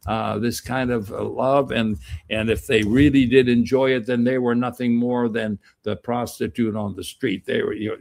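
A man's voice: mid-range voice, level tone, normal speed, vocal fry, a little mellow. An older man giving an informal, rambling Bible lecture, acting out the quoted voices in a folksy way. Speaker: Bible teacher.

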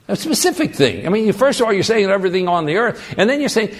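A male preacher delivering a sermon with lively swings in pitch and a slightly high voice. He drives his points home with rhetorical questions and emphatic repetition. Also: brisk, hardly any pauses, slightly rough.

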